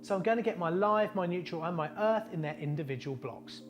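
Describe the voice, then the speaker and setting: Upbeat high-voiced plumber host. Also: male voice, lively intonation, a little fast, slight background noise. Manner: upbeat, chatty, matey. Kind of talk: casual how-to tutorial.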